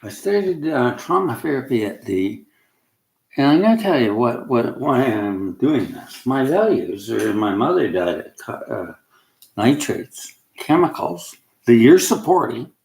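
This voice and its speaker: A man's voice: medium pitch, big pitch swings, a little slow, gravelly, a little mellow. Agitated rambling man, echoey room. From Canada. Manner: rambling, agitated, breaks off mid-sentence. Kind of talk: agitated rant to camera.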